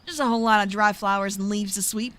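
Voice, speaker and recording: A woman voicing a gruff male park groundskeeper in a put-on American Southern accent, reading game dialogue aloud with a guarded drawl. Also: mid-range voice, steady tone, quick pace, fairly bright tone, close to an everyday voice.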